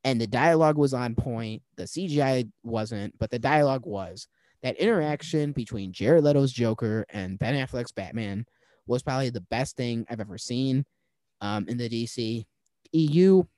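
A man's voice: mid-range voice, normal speed, dry recording. A man hosting a casual podcast chat, joking and swearing as he talks. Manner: joking, profane, animated. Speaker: podcast host.

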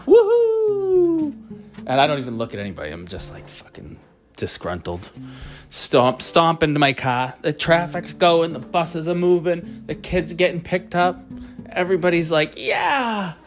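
A man telling a heated, profane anecdote in a voice message. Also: fairly high pitch. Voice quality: profane, heated, animated storyteller. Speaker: caller telling a story by voice message. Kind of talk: rambling anecdote told to a podcast host.

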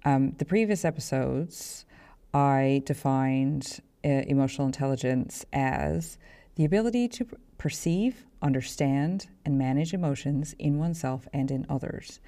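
A woman hosts a professional development podcast in a low, mellow voice with a gravelly edge. She talks in a chatty, self-deprecating way, stopping and restarting as she goes. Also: moderate pace. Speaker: podcast host.

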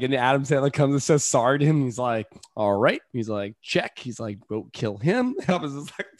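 A man hosting a podcast, chatting casually, animated and quick to laugh, acting out movie lines as he talks. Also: medium pitch, dry recording, clean studio sound. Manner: animated, laughs often, acts out movie quotes. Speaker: podcast host.

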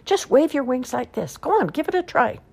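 Storybook wolf, male, short-tempered but soft at heart, read by a woman, husky. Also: a bass voice, very animated, fast talker, heavily acted. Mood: encouraging. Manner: scolding, then gently encouraging. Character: male wolf, impatient then kind.

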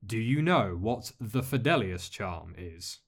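A man voicing a masked male lord who speaks in a measured, polite way with dry humor. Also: on the low side, lively intonation, heavily acted. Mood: calm. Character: masked male dark lord, calm, courteous, wry.

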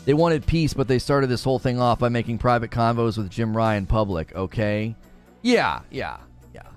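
A man's voice: mid-range voice, moderate pace, clear, resonant tone, faint music behind. A man hosting a live stream, reading chat aloud and ranting sarcastically about the news. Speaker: livestream host.

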